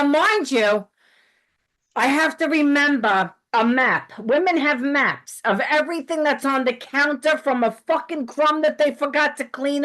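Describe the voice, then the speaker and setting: High-voiced woman ranting, heated and profane. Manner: profane, heated, animated storytelling. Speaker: podcast host. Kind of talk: casual ranting chat.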